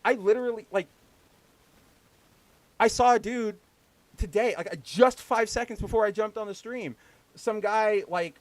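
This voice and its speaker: Fired-up high-voiced man ranting. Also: measured pace, long pauses, dry recording. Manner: heated, profane, with mocking put-on quotes. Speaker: podcast host. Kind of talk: casual ranting livestream talk.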